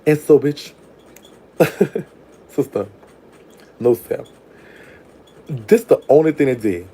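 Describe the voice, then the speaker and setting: A man's voice: mid-range voice, warm tone, slightly rough. A young adult man telling a crude story in a casual, brash way, laughing and trailing off into murmurs. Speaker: vlogger telling prison stories.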